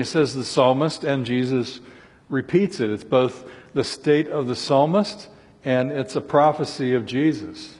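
Male preacher, earnest sermon delivery, husky tone, long hall reverb. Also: medium pitch, unhurried, a little mellow. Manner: earnest, voices scripture laments with rising intensity.

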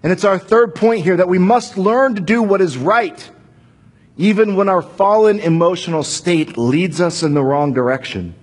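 A man's voice: sits high, moderate pace, slightly rough. A man preaching a sermon, talking casually and acting out quoted dialogue. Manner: acts out voices of God and Cain in quoted dialogue, casual phrasing.

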